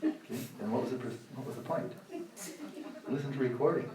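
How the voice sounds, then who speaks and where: A man's voice: medium pitch, brisk, a crowd in the background. Wry older man teaching in a roomy hall. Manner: sarcastic, animated, acts out inner voices. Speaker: meditation teacher. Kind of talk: dharma talk at a retreat. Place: meditation retreat hall. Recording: roomy hall, voice from the mic's distance.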